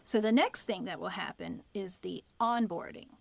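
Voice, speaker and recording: Middle-aged woman podcast host, warmly affirming, mid pitch, dry close sound. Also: expressive, normal speed, gravelly, dry recording. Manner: affirming, frequent "mm-hmm" and "right". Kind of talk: casual interview chat.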